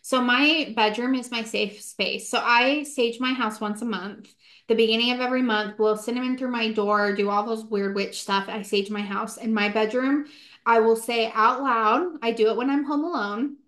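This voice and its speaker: Earnest woman podcaster, slightly high voice. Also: fairly even intonation, moderate pace, fairly bright tone. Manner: earnest, matter-of-fact about spirits. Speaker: podcast co-host. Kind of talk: casual chat. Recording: roomy.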